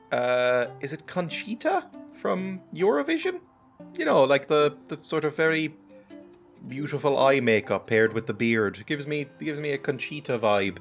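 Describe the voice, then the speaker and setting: A man's voice: medium pitch, big pitch swings, unhurried, soft background music. A man giving casual, sarcastic, rambling commentary while playing a game, laughing often. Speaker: gaming YouTuber. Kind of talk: casual let's-play commentary.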